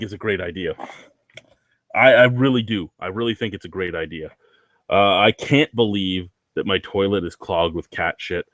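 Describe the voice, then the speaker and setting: A man's voice: on the low side, dry recording. A man ranting in a casual vlog, rambling, swearing and sounding anxious. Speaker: vlogger.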